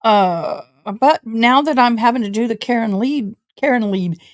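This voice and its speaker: A woman's voice: fairly high pitch, measured pace. A woman from Tennessee, chatting casually to her livestream viewers from her home office, a little tired. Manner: chatty, addresses chat as y'all. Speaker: livestream host.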